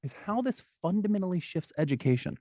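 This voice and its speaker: A man's voice: high voice, fast talker, no echo. Upbeat guy explaining stuff on a studio show, dry close sound. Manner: lively, salesy, explains with examples. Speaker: guest, business consultant. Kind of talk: casual interview chat.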